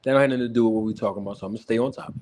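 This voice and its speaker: A man hosting a boxing talk livestream in casual, animated commentary. He laughs often and greets viewers in the chat. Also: lowish voice, very fast.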